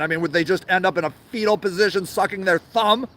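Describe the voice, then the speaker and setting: A show host rattles off an angry outdoor rant in a garden at a quick clip with few pauses. His high voice has a fairly bright tone, and he swears heavily, sarcastic and repetitive throughout.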